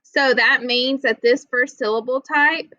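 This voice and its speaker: A woman's voice: high-pitched, fairly even intonation, a little slow, bright, forceful tone, no echo. A woman teaching children a reading lesson, explaining patiently step by step and checking in with "okay?". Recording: dull lo-fi audio.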